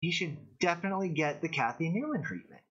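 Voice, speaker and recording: A man's voice: on the high side, animated, fairly bright tone, slightly rough. Rambling man hosting a lo-fi stream. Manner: rambling, halting, many restarts. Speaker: show host. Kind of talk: casual live-stream commentary.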